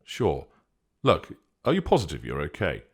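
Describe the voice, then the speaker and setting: A man's voice: extremely low pitch, huge pitch swings, normal speed, breathy edge, full character voice. A man reading a story, voicing a worried, protective man asking earnest questions on the phone. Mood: concerned.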